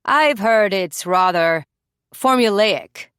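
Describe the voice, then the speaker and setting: A woman voicing a smug, condescending man with a slow, drawn-out delivery. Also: on the low side, big pitch swings, no echo, clean studio sound.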